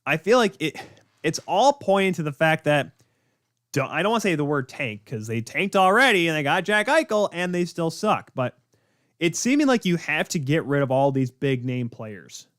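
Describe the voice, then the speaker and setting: A young man hosting a live sports talk show, ranting in an exasperated, rapid-fire way. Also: fairly high pitch, big pitch swings, fairly bright tone, dry recording, clean studio sound. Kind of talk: live sports opinion rant.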